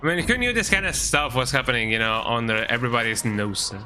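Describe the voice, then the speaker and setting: A man's voice: medium pitch, quick pace, pushed and bright, soft background music. A man streaming a video game, chatting casually in a rambling way and tagging lines with "eh". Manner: rambling, frequent "eh" tag. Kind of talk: casual gameplay commentary.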